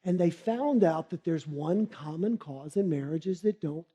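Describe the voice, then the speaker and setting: A middle-aged man giving a humorous motivational keynote. He tells his stories in a lively way and acts out the characters as he goes. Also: a little high, unhurried, slightly rough. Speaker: keynote speaker.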